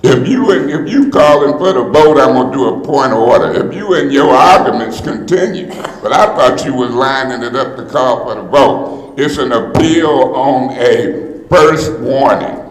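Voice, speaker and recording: A man's voice: medium pitch, expressive, normal speed. A man speaking as a city council member in a heated public meeting, confrontational and indignant, often hollering his points. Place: council chamber. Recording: echoey council chamber with long reverb.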